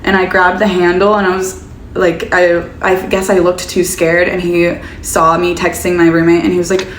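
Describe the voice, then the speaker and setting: A young woman tells a personal story in a casual, chatty way, her voice sitting on the low side. The room is echoey, with a faint hum of noise behind her. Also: little pitch movement, moderate pace. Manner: casual, chatty, many "like" fillers. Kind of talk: story time vlog.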